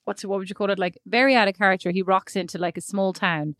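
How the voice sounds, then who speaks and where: A woman's voice: medium pitch, steady tone, fast, fairly bright tone, no echo, clean studio sound. A woman, a mother, co-hosting a podcast in casual, chatty talk, often trailing off and restarting. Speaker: podcast co-host. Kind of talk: casual chat.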